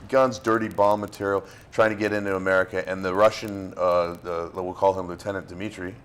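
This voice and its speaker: Being interviewed casually, this guest, a Florida actor, talks fairly quickly in a low-pitched voice that barely moves in pitch. He rambles loosely, restarting sentences and leaning on fillers.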